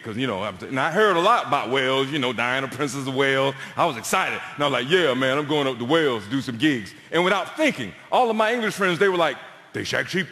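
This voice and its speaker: A man from the American Deep South with a Southern accent, doing a stand-up comedy set on stage with lively storytelling and deadpan punchlines. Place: large theatre on stage, audience laughing. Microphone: stage microphone. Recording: echoey theatre hall with long reverb.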